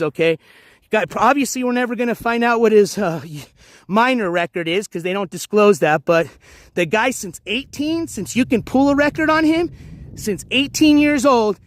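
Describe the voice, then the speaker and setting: A man's voice: sits high, no room sound, studio quality. A man vlogging live outdoors while walking his dogs by the water, talking in a blunt, profane, rambling way full of fillers. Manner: blunt and profane, lots of "you know" fillers. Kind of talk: casual rambling live-stream chat.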